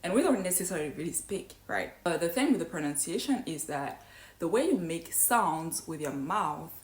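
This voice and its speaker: A woman whose first language is not English gives an English pronunciation lesson. Her voice sits slightly low, and she explains each point step by step, often checking in with "right?". The room around her is echoey. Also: animated, normal speed.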